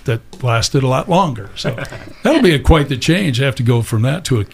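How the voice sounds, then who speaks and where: A man's voice: medium pitch, lively intonation, brisk, gravelly, a little hiss or hum. A man hosting a casual interview, asking rambling friendly questions with plenty of fillers. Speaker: radio talk show host.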